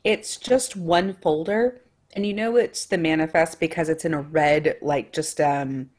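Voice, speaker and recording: Female game master, low-pitched, slow and casual in her narration. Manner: relaxed, casual narration with fillers.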